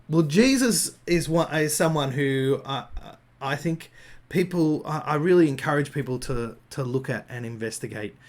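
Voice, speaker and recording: An Australian man giving an improvised Christian talk, thinking aloud with frequent fillers and restarts. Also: mid-range voice. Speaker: Christian speaker.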